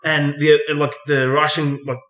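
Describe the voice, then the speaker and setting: A man's voice: fairly high pitch, level tone, moderate pace, a bit bright. An Australian man co-hosting a podcast in casual banter, swearing freely and laughing often. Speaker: podcast co-host. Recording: roomy echo.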